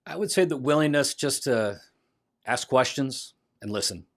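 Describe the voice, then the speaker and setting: A man in his fifties, a fire chief guest on a podcast, telling stories in a lively, animated way and acting out what others said. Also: medium pitch, moderate pace. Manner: lively, animated storyteller who acts out quotes. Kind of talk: casual storytelling conversation.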